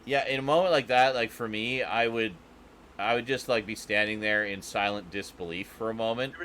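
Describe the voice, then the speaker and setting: A man co-hosting a podcast in casual chat, who laughs easily and reacts with lively surprise. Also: lowish voice, normal speed, a little hiss or hum.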